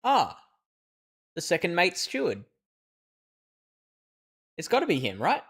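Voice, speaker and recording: A man's voice: on the high side, wildly swooping pitch, a little slow, a bit bright, husky. A male streamer giving live commentary on a game, thinking aloud and reasoning through clues.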